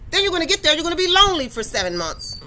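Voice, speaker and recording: Woman doing god talking all casual and playful, pointing the way, bright voice. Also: very high-pitched, very animated, very fast, slight background noise, voice pushed up, heavily acted. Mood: breezy. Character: patient divine voice giving directions.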